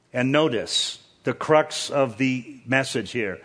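A man's voice: mid-range voice, expressive, takes it slowly, hardly any pauses, a bit bright, husky. A man preaching a sermon in a church, earnest and repeating words for emphasis. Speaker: pastor. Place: church with screens.

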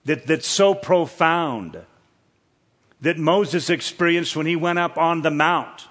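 A man's voice: fairly high pitch, a bit bright. A man preaching a sermon in a church, earnest and repeating words for emphasis. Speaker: pastor. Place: church with screens.

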